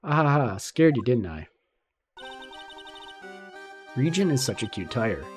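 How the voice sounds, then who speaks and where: A man's voice: medium pitch, big pitch swings, fairly quick, over music, close to an everyday voice. A man reading game dialogue aloud as a sweet, teasing young woman who tames animals. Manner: teasing, sing-song.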